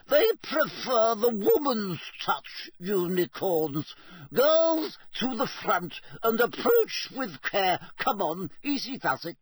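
A brisk, bossy schoolmistress voiced by a man barks orders in a much higher, husky voice that rises well above his own. She is curt and commanding, the sort of storybook teacher who expects to be obeyed at once. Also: very animated, dry recording, heavily acted. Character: brisk, bossy middle-aged female teacher.

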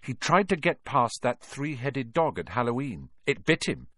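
Earnest young schoolboy hero, a man reading him, quick and confiding. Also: mid-range voice, very animated, fairly bright tone, dry recording, clean studio sound.

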